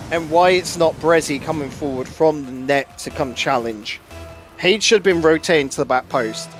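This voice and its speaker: A man commentating a live esports match, quick to exclaim over big plays and replays, on a headset mic. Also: fairly high pitch.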